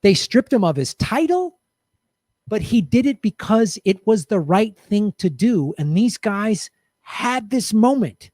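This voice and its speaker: A man's voice: high voice, sing-song, measured pace, darkish tone, no room sound, clean studio sound. A middle-aged man hosting a podcast, delivering a fired-up, profane political commentary rant. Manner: impassioned, profane, emphatic. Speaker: podcast host.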